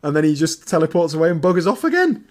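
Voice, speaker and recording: A man co-hosting a casual podcast, chatty and jokey, getting loud when excited. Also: fairly high pitch, quick pace. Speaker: podcast co-host. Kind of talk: casual chat.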